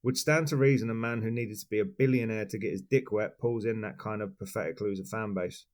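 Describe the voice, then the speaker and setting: A man co-hosting a podcast, reading a scripted rant of deadpan, sweary insults, then chatting casually. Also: lowish voice, brisk. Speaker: podcast co-host.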